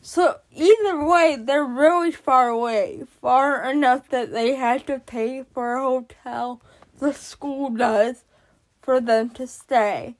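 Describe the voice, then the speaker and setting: A woman's voice: high-pitched, slow pace. A woman hosting a podcast, telling a personal story in casual talk, exasperated and swearing now and then. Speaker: podcast host.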